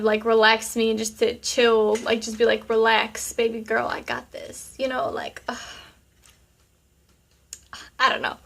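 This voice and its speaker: A sassy young woman talks straight to her viewers and works through their questions one by one. Her voice sits a little high, and she speaks in loose, chatty bursts padded with "um" and "like". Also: fairly bright tone. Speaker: vlogger answering viewer questions. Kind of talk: casual chat.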